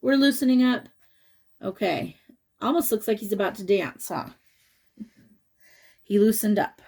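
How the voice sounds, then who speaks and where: A woman's voice: mid-range voice, measured pace, creaky, a little mellow, slightly rough. A woman reading a picture book aloud to children, chatting and asking them questions along the way. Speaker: children's story reader.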